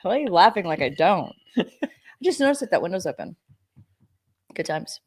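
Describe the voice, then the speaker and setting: Woman podcast host, casual chat, animated storyteller, swears freely. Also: on the low side, moderate pace, breathy edge.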